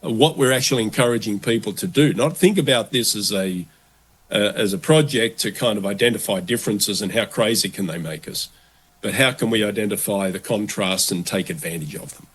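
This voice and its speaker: A man who is a guest in a business podcast interview, speaking in an animated way and acting out quoted thoughts. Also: on the low side, a little fast, slight background noise. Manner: animated, acts out quoted voices. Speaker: guest, relocation consultant. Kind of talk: conversational interview.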